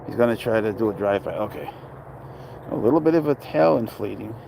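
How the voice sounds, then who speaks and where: A man's voice: on the low side, animated, a little fast, vocal fry, warm tone, slight background noise, poor audio. A man casually chatting on a livestream about his pet, rambling and blunt, swearing freely as he reads and answers comments outdoors.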